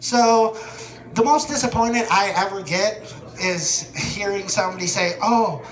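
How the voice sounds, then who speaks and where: A man performing a stand-up comedy set, telling deadpan stories that build to shouted punchlines. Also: high voice, measured pace, roomy sound. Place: comedy venue stage.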